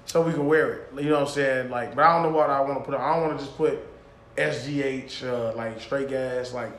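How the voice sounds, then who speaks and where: A man's voice: mid-range voice, steady tone, brisk, a bit bright, echoey room. A man co-hosting a podcast in casual chat, rambling and slangy. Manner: rambling, slangy, self-correcting. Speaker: podcast co-host.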